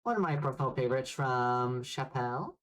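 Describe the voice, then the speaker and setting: A woman's voice: very deep voice, animated, brisk. A woman hosting a karaoke livestream, chatting casually and giggling between songs. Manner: chatty, giggly, thinking aloud.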